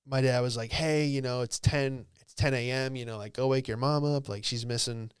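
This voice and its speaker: Smooth laid-back young man, dry close mic. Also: medium pitch, fairly even intonation, normal speed, no echo. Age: late 20s. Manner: laid-back, swears freely, peppered with "dude" and "like". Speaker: podcast host. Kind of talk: casual storytelling.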